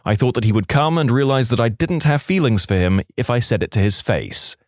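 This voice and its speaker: A man narrates listener stories in scripted fashion, his medium-pitched voice lively, brisk, and rising and falling a lot. The recording is close-miked and dry, with no room echo.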